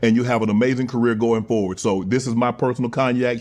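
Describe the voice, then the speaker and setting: A man's voice: medium pitch, steady tone, fast, a little mellow. Stammering, eager man making a toast. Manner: stammering, enthusiastic. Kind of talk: casual toast with a guest.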